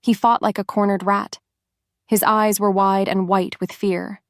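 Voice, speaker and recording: A woman narrating a romance audiobook in an even, steady storytelling manner. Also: medium pitch, unhurried, no echo, studio quality.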